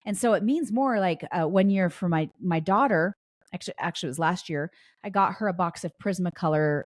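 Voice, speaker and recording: A woman's voice: on the low side, fairly quick, no echo, studio quality. A woman hosting a podcast, chatting casually through a story with frequent restarts and fillers. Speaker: podcast host.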